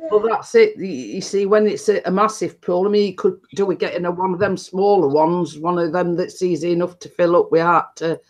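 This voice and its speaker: A woman's voice: fairly low pitch, fairly even intonation, brisk, hardly any pauses, a little mellow. A woman chatting casually in a family vlog, reading viewer comments aloud.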